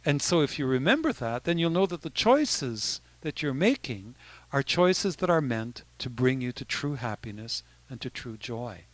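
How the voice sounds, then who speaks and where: A man's voice: mid-range voice, sing-song, moderate pace, no echo. A man, a bishop, giving an informal talk to young people, conversational with frequent restarts. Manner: conversational, with many restarts and asides.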